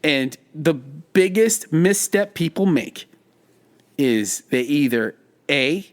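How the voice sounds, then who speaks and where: A man co-hosting a podcast, talking in casual banter, emphatic and quick to laugh. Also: fairly high pitch. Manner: animated and emphatic, laughs often. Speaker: podcast co-host.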